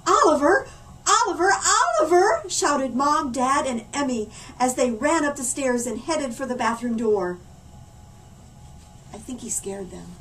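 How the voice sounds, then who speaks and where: A woman as a library story lady, reading a silly picture book aloud to children in a playful, animated way. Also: a little high, a little slow, distant mic, slight background noise, poor audio. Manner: animated, playful, swooping between hushed and loud.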